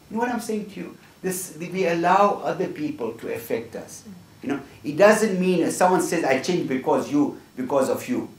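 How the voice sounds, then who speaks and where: A man's voice: a little high, expressive, a little fast. Earnest middle-aged man, echoey distant. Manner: earnest, tags points with "right?". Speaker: workshop speaker. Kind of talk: motivational talk with personal stories. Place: room with a small group.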